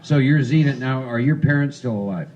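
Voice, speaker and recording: A man's voice: medium pitch, a little fast, a little mellow, dull audio. A man leading a recovery workshop, talking casually and coaching volunteers through a role-play. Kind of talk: interactive recovery workshop talk.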